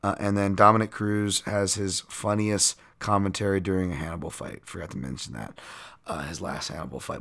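A man's voice: on the low side, fairly quick, gravelly, a bit bright. A man hosting a solo podcast, talking casually and rambling with lots of fillers and self-mocking asides. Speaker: podcast host and betting analyst.

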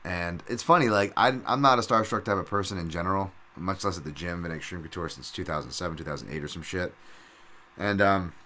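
A man's voice: low voice, fast, sharp tone, a little hiss or hum. A middle-aged man hosting a casual solo podcast, rambling and swearing freely with lots of fillers and restarts. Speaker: podcast host.

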